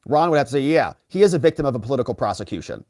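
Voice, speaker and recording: A man hosting a live legal commentary stream, reading out viewer comments and giving sarcastic, animated asides. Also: mid-range voice, rapid-fire, no echo, clean studio sound. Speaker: lawyer and livestream host.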